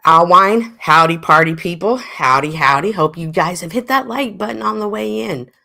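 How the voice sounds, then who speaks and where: Chatty, animated woman livestream host. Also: on the low side, normal speed, vocal fry. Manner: animated, chatty, swings from loud exclaims to murmurs. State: a little stuffy. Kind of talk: casual livestream chat, reading chat comments.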